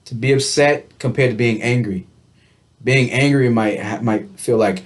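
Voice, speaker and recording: A man in a casual self-help vlog, thinking out loud at an ordinary pitch. He circles back on himself, restarting phrases and leaning on "you know" and "right?" as he works his ideas out. His tone stays reflective, with a light laugh slipping in now and then. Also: steady tone, unhurried. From United States. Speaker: vlogger.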